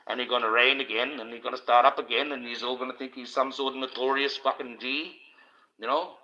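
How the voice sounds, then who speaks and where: This is a man from Australia ranting through a livestream in a coarse, repetitive way, swearing constantly. His voice is bright and forceful. The audio is dull and lo-fi. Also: medium pitch, steady tone, a little fast. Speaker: livestream host. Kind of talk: profane rambling monologue.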